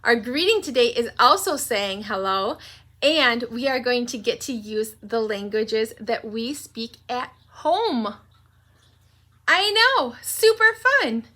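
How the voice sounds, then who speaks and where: Bright-voiced, slow-talking preschool teacher woman. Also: a little high. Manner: slow, gentle and sing-song, breaking into cheerful songs. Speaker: pre-K teacher. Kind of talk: read-aloud morning meeting lesson for young children.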